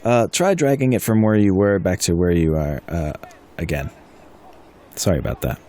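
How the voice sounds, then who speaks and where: A man's voice: deep voice, normal speed, warm tone. A man running a tabletop wargame session, explaining rules casually and chuckling often. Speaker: game master. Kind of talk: casual tabletop game talk.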